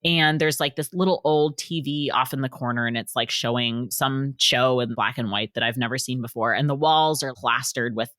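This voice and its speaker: A woman's voice: rumbling low, normal speed, hardly any pauses, a bit bright, no echo, studio quality. A woman author talking as a podcast guest, telling stories animatedly and acting out the quotes. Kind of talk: casual storytelling in a podcast interview.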